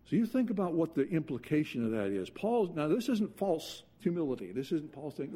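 A man preaching a sermon earnestly, dropping to quiet intensity and then rising into urgent passages. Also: on the high side, very animated, brisk, few pauses, husky.

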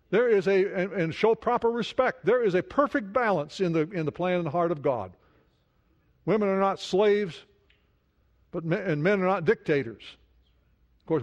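Male pastor with a slightly higher voice, dynamic preacher who goes loud, then drops to a hush, and keeps asking the congregation questions. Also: lo-fi sound. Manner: dynamic preaching, swings from loud emphasis to hushed near-whisper; asks the listeners many questions. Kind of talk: sermon.

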